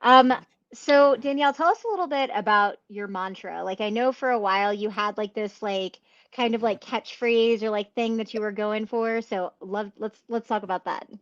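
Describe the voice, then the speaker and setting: A woman's voice: mid-range voice, normal speed, fairly bright tone. A woman hosts a podcast and guides the guest with chatty, casual questions. Her audio is slightly muffled and dull. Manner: chatty interviewer. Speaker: podcast host. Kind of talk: casual interview.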